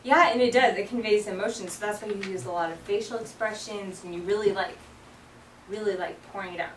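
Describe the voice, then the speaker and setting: A woman's voice: mid-range voice, fairly quick, distant mic, a little hiss or hum. Chatty young woman teaching in echoey room. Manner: chatty, lots of "like" and "um", acts out lyrics. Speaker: sign language teacher. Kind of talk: casual classroom explanation. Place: classroom with students.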